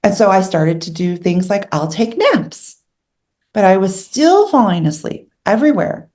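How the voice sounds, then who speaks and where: A woman's voice: medium pitch, expressive, normal speed, warm tone. A middle-aged woman telling her own story as an interview guest, earnest and candid, emotional as she recalls hard moments.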